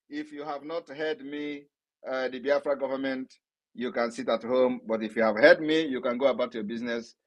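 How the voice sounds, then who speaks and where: Man from Nigeria, emphatic political Q&A answers, mid-pitched voice. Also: rough recording. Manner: assertive, emphatic, repeats points. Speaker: political leader answering questions. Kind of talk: live audio Q&A broadcast.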